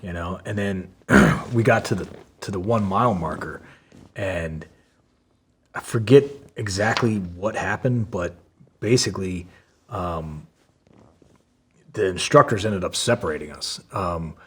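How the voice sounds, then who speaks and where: A man's voice: sits low, a little slow, long pauses, slight background noise. A man, a podcast guest, tells a story in loose, casual talk full of fillers and swearing. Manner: loose, profane, many fillers.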